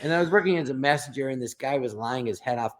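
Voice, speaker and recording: Older man telling stories, animated and stammering. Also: mid-range voice, fast. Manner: animated, acts out quotes with voices, stammers and restarts. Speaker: guest comedian. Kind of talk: casual interview storytelling.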